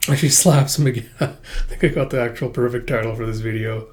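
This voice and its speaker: A man casually reading a comic aloud and commenting, with swearing and quick asides. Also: mid-range voice, steady tone, darkish tone. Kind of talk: casual read-through and commentary.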